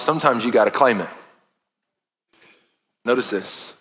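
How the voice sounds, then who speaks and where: A man's voice: lowish voice, normal speed, pauses often, a bit bright. A man in his thirties, a pastor preaching an earnest, impassioned sermon in a church, breaking into playful asides. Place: church sanctuary. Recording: long reverb of a large hall.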